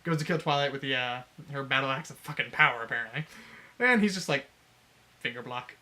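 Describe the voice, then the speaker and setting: A man's voice: medium pitch, animated, fast talker, sharp tone. A man casually retelling a fanfic plot on a podcast, laughing and swearing as he acts out the lines. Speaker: podcast co-host.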